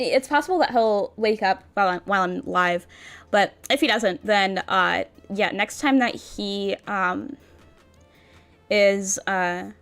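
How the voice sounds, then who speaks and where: A woman's voice: mid-range voice, fairly bright tone. A woman streamer chatting casually with her viewers in a bubbly, cutesy, rambling way. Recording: faint background music.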